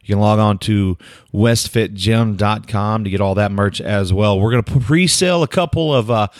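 A man hosting a casual podcast, chatty and quick to laugh, often tripping over his words. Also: on the low side, no room sound, clean studio sound. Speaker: podcast host.

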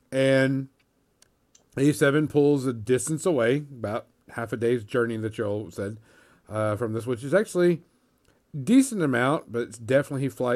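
A man runs a tabletop role-play as game master. His delivery is relaxed, and he chuckles and repeats himself as he narrates. His pitch is in the middle for a man.

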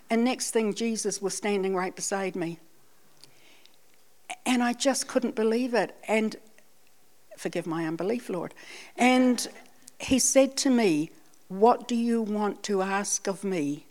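A woman's voice: mid-range voice, moderate pace. A Scottish woman giving a sermon, telling a personal testimony in a chatty, self-deprecating way. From Scotland. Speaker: church speaker.

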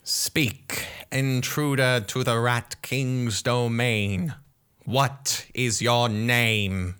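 A man voicing an ancient king of rats who speaks as a swarm, slow and formal. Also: medium pitch, fairly even intonation, fairly bright tone, clear, resonant tone, voice pushed up. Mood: commanding. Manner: slow, solemn, formal pronouncements.

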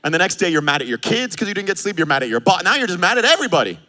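A man in his thirties preaching a sermon, animated and joking, acting out quoted arguments. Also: high-pitched, racing. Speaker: pastor.

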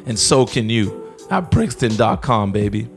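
A man's voice: fairly low pitch, very animated, unhurried, faint music behind. A man co-hosting a podcast, joking in slangy casual talk and reading an ad. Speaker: podcast co-host. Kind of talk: casual chat and ad read.

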